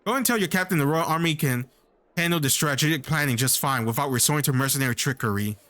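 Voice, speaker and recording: A man's voice: on the high side, quick pace, fairly bright tone, lightly acted. A man reading the lines of a stern, arrogant male army commander in a fantasy game, in a curt and dismissive way.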